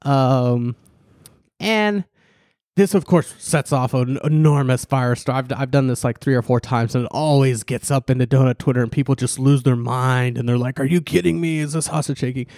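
Male podcast co-host, wry and animated, acts out quotes, dry studio sound. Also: normal speed, no echo. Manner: animated, ironic, restarts and leaps in pitch for emphasis; acts out quoted people in mocking voices. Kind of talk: casual political podcast chat.

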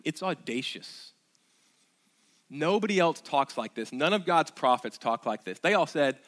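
A man's voice: a little high, animated, moderate pace, fairly bright tone. A man, preaching a sermon as pastor in a conversational, emphatic way, repeating key phrases.

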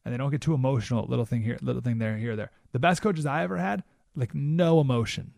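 A man hosting a talk radio show, delivering an animated monologue and acting out quoted voices with sudden jumps in pitch. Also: fast, creaky, no room sound, studio quality.

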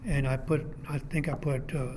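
An older man, a retired architectural designer, being interviewed for an oral history and telling rambling, animated stories from his career. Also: medium pitch, moderate pace, a little hiss or hum. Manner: rambling, animated storyteller who acts out quoted dialogue.

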